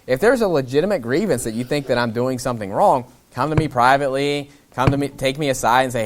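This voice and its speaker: A male pastor preaching a casual expository sermon, voicing the kings' lines in his own plain voice and swinging between loud emphatic bursts and quiet asides. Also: mid-range voice, fast, few pauses.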